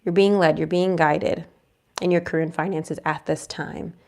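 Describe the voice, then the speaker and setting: A woman's voice: deep voice, steady tone, moderate pace, a little mellow. A young adult woman giving a casual, reassuring tarot reading who murmurs her questions to the cards. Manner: chatty, reassuring, asks the cards aloud in a murmur. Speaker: tarot reader.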